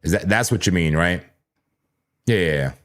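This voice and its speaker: Deep-voiced and a bit bright, this crypto trading host is expressive as he gives casual live commentary on his charts. His manner is playful and chatty, speaking right to the chat, with repeated words and quick self-corrections.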